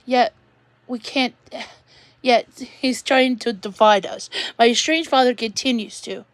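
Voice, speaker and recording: Woman streamer venting, high voice, rambling and halting, dry close sound. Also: dry recording. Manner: rambling, halting, repeats words while venting. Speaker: livestreamer. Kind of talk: emotional livestream venting.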